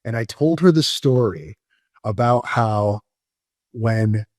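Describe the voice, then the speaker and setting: A man's voice: lowish voice, expressive, takes it slowly, darkish tone, no room sound. A man in his forties from Moldova, a podcast guest telling a personal story with many fillers and restarts, on the edge of tears. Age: 40s. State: near tears.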